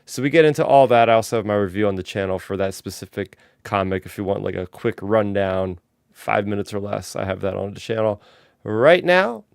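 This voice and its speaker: A man hosting a fan podcast runs through announcements, news, and housekeeping in an enthusiastic, casual way. His lowish voice is creaky yet clean in tone, and he talks fairly quickly. The recording is dry and studio quality.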